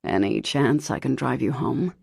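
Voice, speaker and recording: A woman's voice: very deep voice, normal speed, gravelly, a little mellow, breathy edge, no echo, clean studio sound, voice pushed down, full character voice. A woman voicing a charming, easygoing young male attorney in an audiobook. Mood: easy. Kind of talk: audiobook character dialogue.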